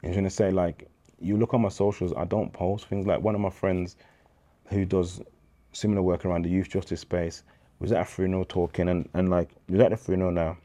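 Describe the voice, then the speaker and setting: A man's voice: low-pitched, little pitch movement, brisk, mellow. A man, telling his faith story as an interview guest in a candid slang-filled way, acting out dialogue.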